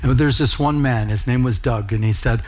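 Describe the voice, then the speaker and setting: A man's voice: medium pitch, normal speed, a little mellow. A middle-aged man preaching a sermon as pastor, telling personal stories in an earnest, conversational way.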